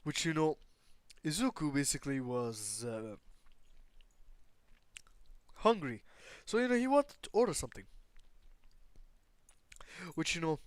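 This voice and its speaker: A man's voice: a little high, sing-song, normal speed, long pauses, dry recording. Rambling young man telling a fan story. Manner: rambling, many fillers and restarts, swears casually. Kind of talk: improvised fan story narration.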